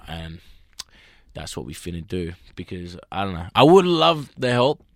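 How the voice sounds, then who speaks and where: A man's voice: sits low, sing-song, moderate pace, no echo, clean studio sound. A man who raps, telling rambling, profane stories in casual podcast chat and acting out what people said. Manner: profane, rambling storyteller who acts out quotes. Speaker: rapper guest.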